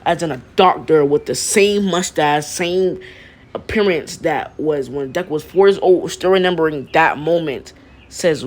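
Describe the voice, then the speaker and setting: A man improvising a fan-fiction story aloud, halting and restarting his phrases. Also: a little high. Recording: faint background noise.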